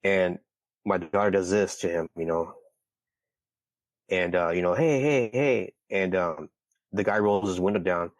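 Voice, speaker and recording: A man's voice: low voice, little pitch movement, a little slow, long pauses, no room sound. A man from California, a podcast guest, telling a personal story casually, stumbling and repeating words. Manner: repeats words, heated when retelling.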